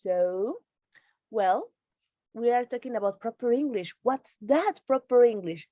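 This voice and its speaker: Female host of an online teachers' meeting, higher pitch, dry close sound, explanatory. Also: expressive, measured pace, warm tone, dry recording, dull audio. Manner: explanatory, reassuring. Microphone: video call.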